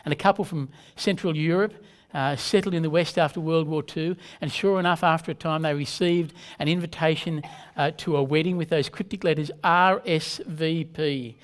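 A man, a pastor, preaching a sermon in an earnest, measured way, leaning on emphatic repetition. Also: fairly high pitch.

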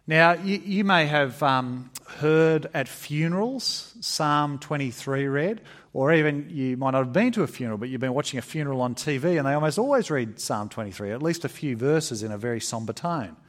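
A man preaching a sermon in an emphatic, conversational way, with fillers and restarts. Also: moderate pace. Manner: expressive, emphatic preaching with varied pitch. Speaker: pastor.

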